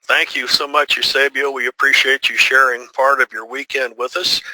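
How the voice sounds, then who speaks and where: A man hosting a webinar, reading smooth, polite announcements and introducing the speaker. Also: medium pitch, level tone, normal speed, bright, forceful tone, no room sound, rough recording. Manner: smooth, polite, well-rehearsed. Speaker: webinar host. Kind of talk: scripted announcement.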